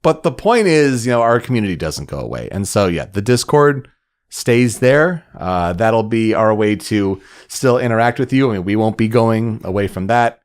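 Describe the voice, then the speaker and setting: A man hosting a casual podcast chat, relaxed and asking his co-hosts questions, with plenty of fillers. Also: fairly low pitch, normal speed, clean tone. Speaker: podcast host.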